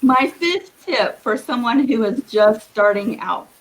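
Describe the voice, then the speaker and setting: A woman giving earnest, encouraging quilting advice as a guest on a live video call, with a husky morning voice. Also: fairly high pitch, lively intonation, measured pace, rough recording. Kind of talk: live-streamed advice talk.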